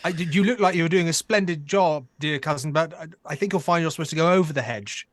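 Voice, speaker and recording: A man's voice: fairly high pitch, fast, a bit bright, dry recording, lightly acted. A man voicing a composed, cheeky young Regency lady with a dry, patronizing wit, in improvised tabletop role-play.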